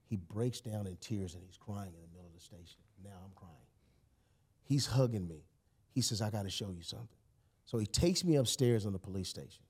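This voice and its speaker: A man, a podcast guest telling a personal story in casual conversation, animated and emphatic, often saying "you know" and "man". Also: on the low side, brisk, slightly rough.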